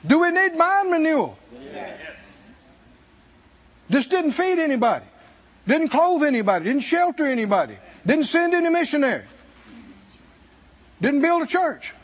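A man's voice: very high-pitched, very animated, moderate pace, lo-fi sound. A man preaching a sermon as pastor, emphatic and repetitive in a church.

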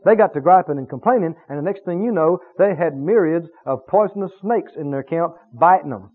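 A man preaching a sermon, emphatic and animated, stretching key words for effect. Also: fairly high pitch, brisk, breathy edge. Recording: tinny phone-like radio broadcast.

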